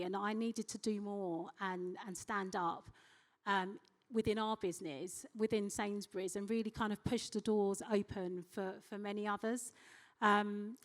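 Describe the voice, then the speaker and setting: A woman speaks as a company executive on a conference panel, telling a personal story with real animation. She acts out quoted voices as she goes, and her voice sits at a middle pitch.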